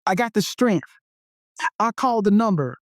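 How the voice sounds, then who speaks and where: A man's voice: high-pitched, animated, moderate pace, dry recording, clean studio sound. A man in his fifties giving a personal faith testimony as an interview guest, speaking with an emphatic, preaching rhythm and repeated phrases.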